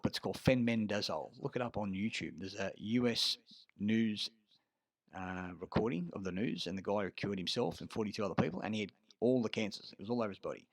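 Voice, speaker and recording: An Australian man telling a rambling story in a casual monologue, swearing often and pausing on fillers. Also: low-pitched, fairly bright tone, no echo. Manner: rambling and profane, full of filler words. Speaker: vlogger.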